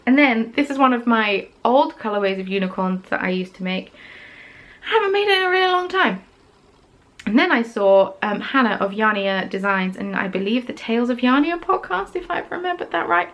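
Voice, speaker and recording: Chatty woman with a gravelly fry. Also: medium pitch, expressive, fairly quick, few pauses, poor audio. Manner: chatty and gushing, with frequent ums. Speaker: craft podcast host. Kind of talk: casual show-and-tell chat.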